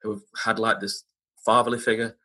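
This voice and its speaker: A young adult man sharing a personal story, halting and emotional, with many restarts. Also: on the low side, little pitch movement, sharp tone. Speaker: speaker sharing his story. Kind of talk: personal testimony.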